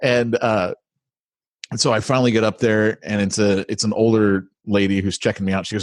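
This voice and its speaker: A man's voice: on the low side, flat delivery, fairly quick, dry recording. Blunt man telling a story, dry close mic. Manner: blunt, storytelling with irritated asides. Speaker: podcast co-host. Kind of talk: casual chat.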